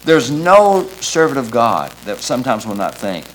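A man preaching a sermon in an earnest, emphatic way, quoting scripture with halting restarts. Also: mid-range voice, very animated, a little hiss or hum, poor audio.

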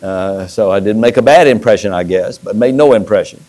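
A man's voice: on the low side, fairly quick, a little mellow, poor audio. A middle-aged man, a pastor, preaching a sermon and telling stories with restarts. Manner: storytelling with restarts and acted-out quotes.

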